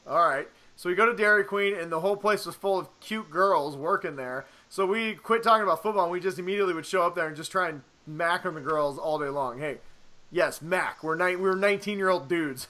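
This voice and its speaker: A man in his thirties telling a casual, rambling story on a podcast, animated, swearing freely and acting out the lines he quotes. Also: high-pitched. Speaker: podcast co-host.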